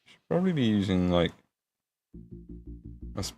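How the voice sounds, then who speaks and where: Chatty English Midlands man, lowish voice. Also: animated, measured pace, long pauses, faint music behind. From England. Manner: chatty, swears, laughs often, reads chat aloud. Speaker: livestream host painting miniatures. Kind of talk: casual livestream chat.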